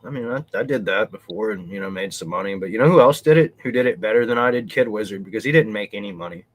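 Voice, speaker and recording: A man's voice: lowish voice, quick pace. A man hosting a casual livestream, rambling and swearing crudely. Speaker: host.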